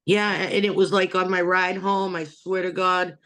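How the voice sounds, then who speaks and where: A woman hosting a talk show over a video call, chatty and quick to laugh. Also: fairly low pitch, level tone, a bit bright. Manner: chatty, laughs between stories. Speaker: host. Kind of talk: casual chat.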